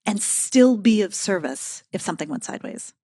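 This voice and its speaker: A middle-aged woman talking as a podcast guest, telling a story with emphatic, animated energy. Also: mid-range voice, moderate pace, vocal fry, husky, no room sound, clean studio sound. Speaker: podcast guest, keynote speaker. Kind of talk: casual conversational interview.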